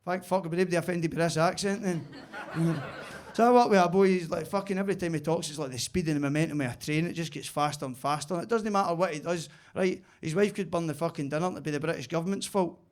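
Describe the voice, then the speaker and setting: A man's voice: a little high, quick pace. A man with a Glaswegian accent doing sweary, conversational stand-up comedy in a basement comedy club.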